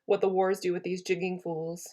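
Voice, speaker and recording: A woman's voice: fairly low pitch, little pitch movement, moderate pace, dark tone, lightly acted. A woman reading the part of a stern, principled Roman general, a man, in a plain classroom reading. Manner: plainly read classroom verse, barely acted.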